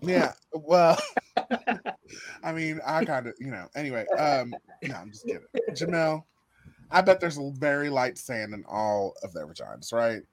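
A man's voice: medium pitch, very animated, unhurried. A man hosting a casual recap chat, laughing often and swearing freely. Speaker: podcast host.

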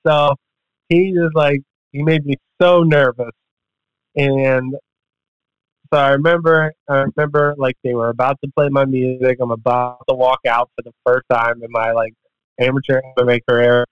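A man's voice: medium pitch, fairly even intonation, moderate pace, clear, resonant tone, no echo. A man guesting on a podcast, telling a story casually in a rambling, profane way and acting out the quotes. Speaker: podcast guest, MMA fighter. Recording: dull, dry podcast audio.

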